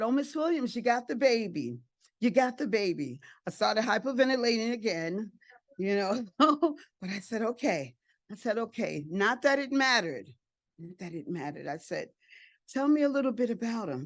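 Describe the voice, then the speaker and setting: A woman's voice: mid-range voice, no echo. An older woman, an adoptive and foster parent, telling her story emotionally at a family support event, with repeated phrases and acted-out quotes.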